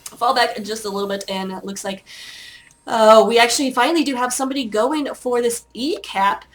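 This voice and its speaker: A fairly high-pitched woman talks a little fast as a solo esports caster calling an online match. She's chatty and pokes fun at herself, stumbling through many hesitations and fillers.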